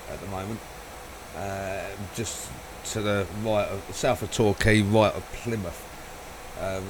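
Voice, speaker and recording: Male streamer, low-pitched, loose rambling chat with cursing, steady noise behind. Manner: rambling, swearing, laughing often. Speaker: streamer playing a flight simulator. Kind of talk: casual live-stream chat.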